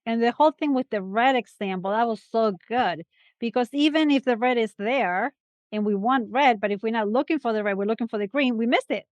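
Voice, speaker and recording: A woman hosts a podcast in a casual chat, encouraging her guest and affirming what he says. Her voice is fairly high. She is recorded close and dry, with no room sound. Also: fairly quick, dry recording, highs cut off. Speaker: podcast host.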